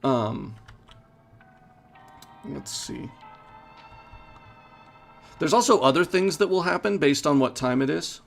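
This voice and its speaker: Gravelly-voiced game director answering fans. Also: male voice, on the high side, slow pace, pauses often, soft background music. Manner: relaxed, hesitant with fillers. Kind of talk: live playthrough commentary with Q&A.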